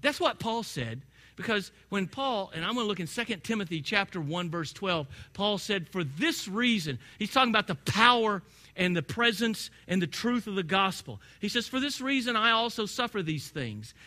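A man's voice: high voice, very animated, normal speed, pushed and bright. A man preaching a sermon in a conversational, storytelling way that builds to emphatic peaks. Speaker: pastor.

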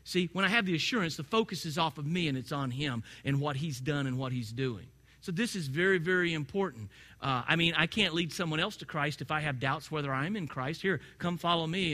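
Guy preaching, kinda high voice, super bright and ringing, chatty storytelling that gets loud on the big points. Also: animated, brisk. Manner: conversational storytelling preacher, rising to emphatic peaks. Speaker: pastor. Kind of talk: sermon.

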